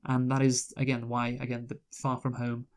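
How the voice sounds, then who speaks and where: A man's voice: medium pitch, completely flat delivery, normal speed, a little mellow, smooth. A man co-hosting a casual movie review chat, rambling with lots of fillers and restarts. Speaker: podcast co-host, movie reviewer.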